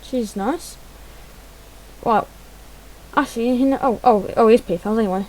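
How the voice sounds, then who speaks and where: A woman's voice: fairly high pitch, moderate pace, darkish tone, poor audio. A woman giving chatty, self-deprecating gameplay commentary, muttering to herself as she fumbles through menus. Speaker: gaming channel host.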